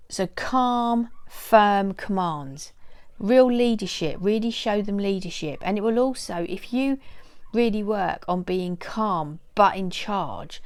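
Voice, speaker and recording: A middle-aged woman giving casual advice to camera, earnest and repeating her key points. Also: medium pitch. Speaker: dog owner giving training advice.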